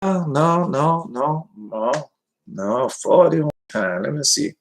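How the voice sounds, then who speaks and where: A man's voice: a little high, expressive, takes it slowly, slight background noise, poor audio. A man preaching in a rambling, folksy way, talking straight to his listeners and reading scripture between tangents. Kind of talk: informal livestream preaching.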